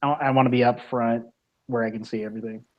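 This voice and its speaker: A player at a tabletop game who makes dry, wry jokes. The voice sits at a middle pitch. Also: fairly even intonation, fast talker, muffled recording. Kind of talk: tabletop role-play chat.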